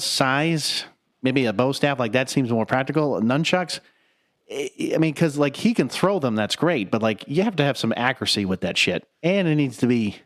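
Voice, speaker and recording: A man hosting a casual podcast chat, rambling with lots of fillers and casual swearing. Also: medium pitch. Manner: rambling, heavy with fillers like "like" and "you know". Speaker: podcast host.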